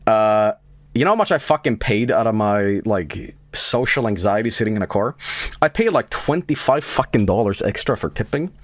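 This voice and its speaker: A young man's loose, profane commentary as he talks over his own travel footage. His pitch leaps around with every punchline and aside, and he often laughs at his own stories. The sound is dry and close, with no room around it. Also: expressive, normal speed, no room sound. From from outside America. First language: Swedish. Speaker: streamer giving video commentary.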